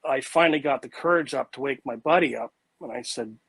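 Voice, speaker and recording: A man being interviewed, telling a personal story in a casual, animated way, full of "like" and "you know". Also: medium pitch, brisk, breathy edge, dry recording, poor audio. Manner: animated and vivid, with frequent "like" and "you know" fillers and restarts. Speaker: interview guest recounting an encounter.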